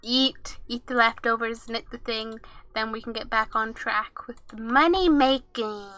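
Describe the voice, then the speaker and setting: A woman's voice: a little high, unhurried, pushed and bright. A young woman streaming a game, chatting casually with viewers, giggling and reading game text and chat aloud.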